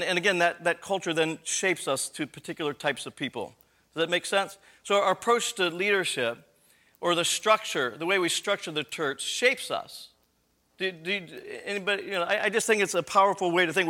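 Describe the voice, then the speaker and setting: High, bright-voiced man giving a talk. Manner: conversational lecturing with rhetorical questions and frequent self-corrections. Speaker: conference speaker on church leadership. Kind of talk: live conference talk.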